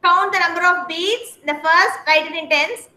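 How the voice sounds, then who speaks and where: A woman with an Indian English accent teaching a kindergarten class online, speaking slowly and patiently and spelling words out letter by letter. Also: very high voice, sharp tone, roomy sound, poor audio. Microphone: video call.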